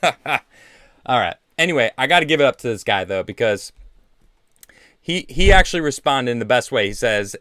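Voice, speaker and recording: A man hosting his own livestream show, talking casually in a sarcastic, animated and defensive way, often laughing. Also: medium pitch, normal speed, no echo, clean studio sound. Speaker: show host. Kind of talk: casual solo livestream talk. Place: vacation home.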